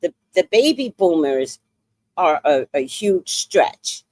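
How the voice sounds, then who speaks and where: A woman hosting her own livestream, telling a story in a blunt, animated and profane way. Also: lowish voice, slow pace, no room sound. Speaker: livestream host.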